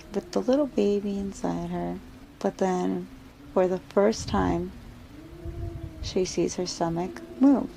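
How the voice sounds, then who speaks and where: A woman's voice: on the low side, vocal fry, dark tone, slight background noise, rough recording. A woman casually telling a scary story aloud, with a loose, filler-heavy way of talking.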